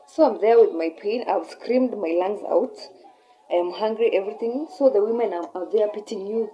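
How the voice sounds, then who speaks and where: A young woman with a Kenyan accent telling a personal story in a casual, animated way, switching between English and Swahili mid-sentence. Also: medium pitch, normal speed, lo-fi sound. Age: young adult. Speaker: vlogger.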